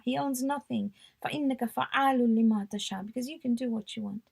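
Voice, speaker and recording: A woman's voice: a little high, fairly quick, gravelly, few pauses, darkish tone, husky. A woman teaching a religious workshop, reciting prayer phrases and translating them in an earnest, devotional way, often dropping to a whisper.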